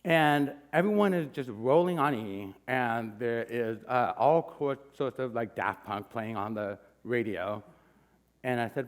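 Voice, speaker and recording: A man in his forties telling a comic personal story live, in an animated, punchy and self-mocking way. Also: mid-range voice, unhurried. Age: 40s.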